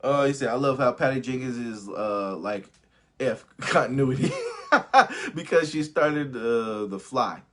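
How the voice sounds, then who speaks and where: A man's voice: medium pitch, measured pace. A man hosting a casual live stream, talking animatedly with lots of swearing and laughter, and reading viewer comments aloud. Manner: animated, profane, laughs often. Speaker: host of a live movie review stream.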